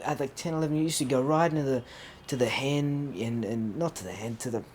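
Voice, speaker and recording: A man's voice: mid-range voice, quick pace, a little mellow. A young man, co-hosting a casual podcast chat. He rambles, leans on lots of fillers and laughs often. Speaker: podcast co-host. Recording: faint background noise.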